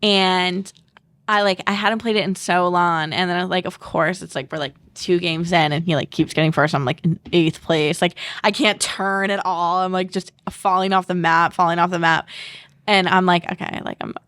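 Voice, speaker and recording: A woman's voice: lowish voice, fairly even intonation, moderate pace, fairly bright tone, smooth. A young woman talking as a podcast guest, chatty and full of fillers, acting out what others said. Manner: chatty, many fillers, acts out quotes. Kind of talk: casual chat.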